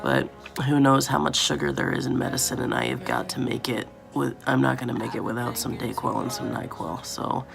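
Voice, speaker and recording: Congested woman vlogger with a cold, heavy vocal fry, casual video diary. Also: a bass voice, animated, a little fast, soft background music. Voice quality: congested, sniffly. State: stuffed up with a head cold.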